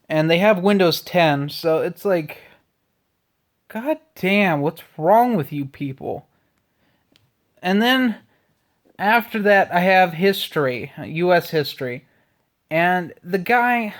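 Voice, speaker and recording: Irritated young man ranting, cursing. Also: high-pitched. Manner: profane, irritated griping. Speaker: vlogger. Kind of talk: casual ranting vlog.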